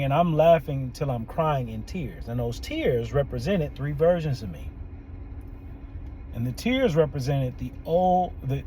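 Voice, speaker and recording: A man, a therapist and podcast host, telling a story in an animated way, often laughing and quoting people. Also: on the high side, a little hiss or hum, poor audio. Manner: animated, laughs often, quotes people in their own voices. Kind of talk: storytelling monologue.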